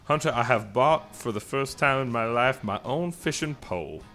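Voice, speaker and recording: A man putting on a genteel Southern gentleman voice. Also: mid-range voice, lively intonation, moderate pace, soft background music. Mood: mock-genteel. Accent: put-on American Southern. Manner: mock-dignified, drawling, jokey. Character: refined adult male Southern gentleman. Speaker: podcast co-host.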